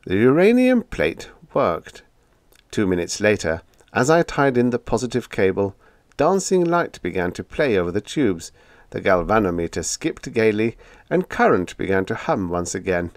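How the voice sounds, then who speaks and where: A man's voice: fairly low pitch, sing-song, normal speed, no room sound, clean studio sound. A man narrating a humorous science fiction audiobook in a wry storytelling manner.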